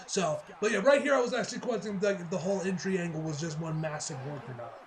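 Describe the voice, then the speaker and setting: Excitable high-voiced man reviewing wrestling. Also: fast, background noise. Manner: excitable, rambling, lots of fillers and laughter. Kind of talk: casual solo review.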